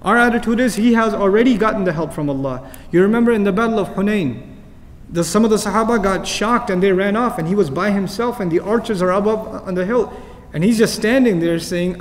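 A man's voice: sits high, fairly quick. A man teaching a Quran commentary lecture, speaking emphatically and reciting Arabic verses between explanations. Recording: long hall reverb.

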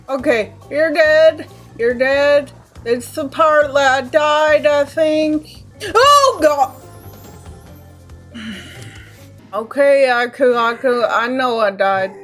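A young woman commentating her gameplay in a casual, anxious way, exclaiming and repeating herself often. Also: high voice. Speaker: let's play gamer.

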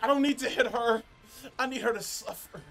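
A man co-hosting a let's play, talking loudly and dramatically and shouting at the game. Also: very high-pitched, brisk, soft background music. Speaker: gaming channel co-host.

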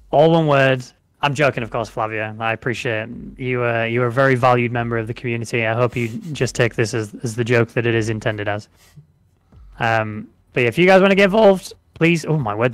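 A man's voice: mid-range voice, clear, resonant tone, no echo. A British man co-hosting a live gameplay stream, chatting, joking and repeating giveaway instructions. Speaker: streamer co-host.

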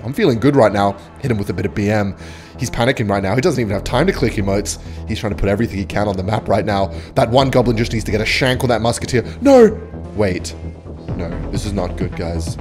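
A man giving joking, excitable play-by-play commentary on his own game, like a mock sportscaster teasing his opponent. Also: fairly low pitch. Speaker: gaming video creator.

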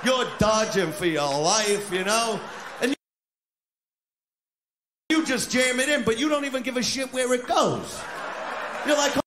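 Brash crude stand-up comedian, high voice. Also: male voice, expressive, measured pace, pauses often. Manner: brash, crude, shouted punchlines. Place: comedy club stage. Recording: live club recording with crowd noise. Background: audience laughter and noise.

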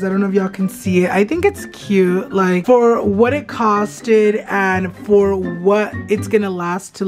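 A man vlogging in a casual, expressive way, swearing freely and mixing Spanish words into his English. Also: sits high. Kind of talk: casual vlog chat.

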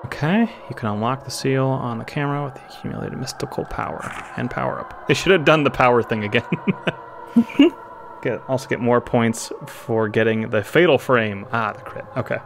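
A man giving casual commentary while he plays a game, chatting and laughing easily, often reading the on-screen text aloud. His voice sits at a middle pitch, with faint noise in the background. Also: normal speed, vocal fry. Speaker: let's play streamer.

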